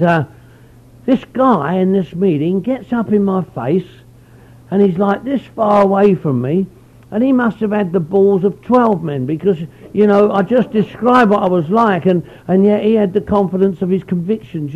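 A man's voice: high-pitched, muffled recording. A middle-aged man speaking at a recovery meeting, telling his story in a rambling, folksy way. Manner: rambling, folksy, peppers speech with "you know". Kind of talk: personal storytelling talk.

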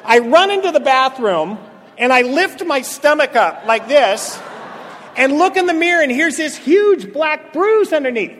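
A man sharing his recovery story at a meeting, an animated storyteller who acts out quotes and swings from loud to hushed. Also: extremely high pitch, unhurried. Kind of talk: personal recovery testimony. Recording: long hall reverb.

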